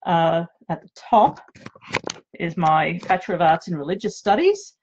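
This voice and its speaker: A woman's voice: on the low side, lively intonation, moderate pace, darkish tone, breathy edge, highs cut off. A middle-aged woman with an Australian accent, an author chatting casually and nervously in her home office, joking about herself. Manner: chatty, nervous and self-deprecating. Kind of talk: casual live video chat.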